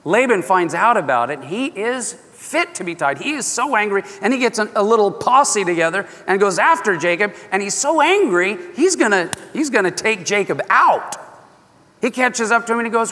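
A man preaching a sermon, telling a scripture story in an animated, folksy way that often breaks off mid-phrase. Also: high-pitched, moderate pace. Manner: animated, folksy, self-interrupting. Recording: long echo of a large hall.

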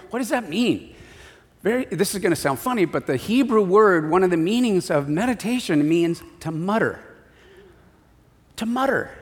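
A man delivers an animated sermon, slipping into small acted voices as he tells stories. His voice sits high for a man. Long reverb from a church hall trails every line. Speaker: pastor.

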